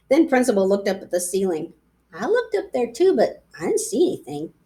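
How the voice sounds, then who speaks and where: A woman reading a children's chapter book aloud in a playful, lively voice. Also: mid-range voice, brisk. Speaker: reader. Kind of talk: storybook read-aloud.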